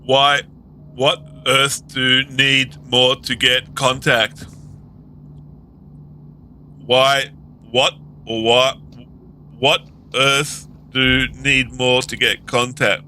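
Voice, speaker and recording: A man hosting a live stream, speaking in a slow, measured way and repeating questions word by word as he types them. His voice is strongly bright and sharp. A faint noise sits under the recording. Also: mid-range voice, flat delivery. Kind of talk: casual live-stream chat.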